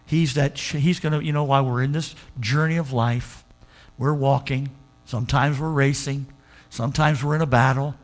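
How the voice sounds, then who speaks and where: An older man preaching a sermon as pastor, moving between hushed, slow passages and emphatic, rising exhortation. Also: mid-range voice, fairly even intonation.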